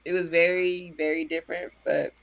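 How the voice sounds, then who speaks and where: A woman from Texas, a DJ, answering interview questions casually and telling stories in a relaxed way. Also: fairly low pitch, normal speed, vocal fry, dull audio. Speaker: DJ and interview guest.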